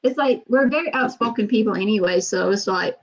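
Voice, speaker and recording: High-pitched woman chatting, reacts with exclamations, dull lo-fi recording. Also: a little fast. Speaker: listener. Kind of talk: casual chat.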